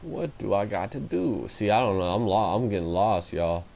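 A man's voice: lowish voice, moderate pace, creaky. Jumpy young man with a twang. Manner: excitable, talks to himself, jumpy and joking. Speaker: let's play gamer. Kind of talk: casual gameplay commentary.

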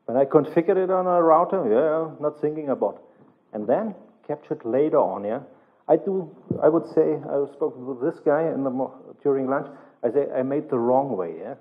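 A man's voice: a little high, moderate pace. Man lecturing, ending phrases with "yeah?". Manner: tags nearly every phrase with a questioning "yeah?"; non-native, broken English phrasing. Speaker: conference instructor. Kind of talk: technical lecture. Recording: tinny, narrow-band conference recording.

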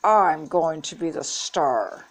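Storybook schoolgirl, eager and stammery, pitched up high, gravelly edge, voiced by an older woman. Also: animated, moderate pace, lightly acted. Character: young schoolgirl, eager and worried.

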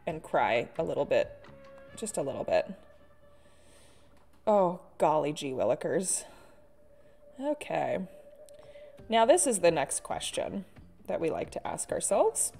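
With a low, creaky, darkish voice, she speaks a little slowly in a sing-song way, leaving long pauses, as soft music plays. She's drawing on a live stream, chatting and mocking herself, often laughing and sighing.

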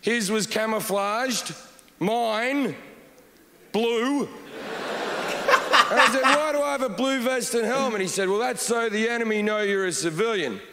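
A man telling a stand-up story on stage, deadpan with sudden shouted outbursts. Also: sits high, a little slow, pauses often. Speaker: stand-up comedian. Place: large comedy hall with audience. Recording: reverberant hall, noisy crowd.

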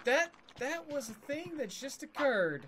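Game music and slight background noise accompany a streamer's relaxed let's-play commentary. His very high-pitched, sing-song voice is unhurried and sharp in tone, and he rambles, chuckles and talks back to the characters on screen.

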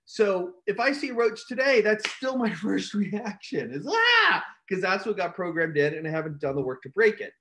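A man hosting a casual live stream, telling a story with animated outbursts and acted-out shouts. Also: sits high, moderate pace, few pauses, slight background noise. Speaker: host.

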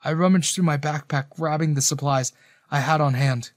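A man's voice: fairly high pitch, steady tone, normal speed, no room sound. Earnest male storyteller, dry sound. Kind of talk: first-person romance story narration.

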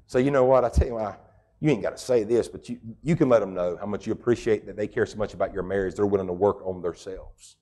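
A man's voice: on the low side, fast talker, warm tone. A middle-aged man preaching a sermon as pastor, folksy and emphatic, with rural turns of phrase.

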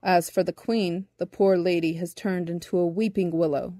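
A woman's voice: on the low side, steady tone, normal speed, mellow, no echo, studio quality, voice pushed down, close to an everyday voice. A woman doing Trick, a lofty ancient brownie. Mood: grave. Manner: lofty, scolding. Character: ancient know-it-all male brownie captain.

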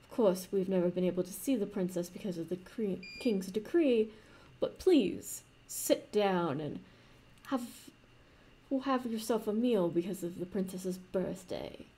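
A woman voicing a charming male tavern keeper with devil horns, who speaks smoothly and courteously. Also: medium pitch, lively intonation, a little slow, dark tone, low-quality recording.

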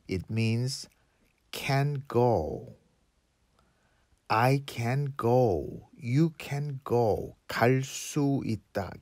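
A man's voice: mid-range voice, dry recording. Patient male teacher, dry sound. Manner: patient, repeats each phrase slowly. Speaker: Korean language teacher. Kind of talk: slow explanatory lesson.

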